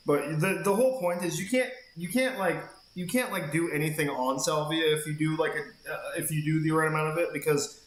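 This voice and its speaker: A man's voice: fairly high pitch, a little fast, hardly any pauses, roomy sound. A man streaming a game, telling a long rambling story in casual chat and swearing freely. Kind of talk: casual chat while gaming.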